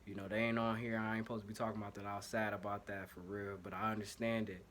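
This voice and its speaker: Ohio-accented male host, low-leaning, bright edge, slangy, one-take fan talk, casual and rambling. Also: little pitch movement, fast, a little hiss or hum. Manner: loose, slangy, self-correcting and apologetic about technical trouble. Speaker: sports podcast host. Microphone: home setup, single take.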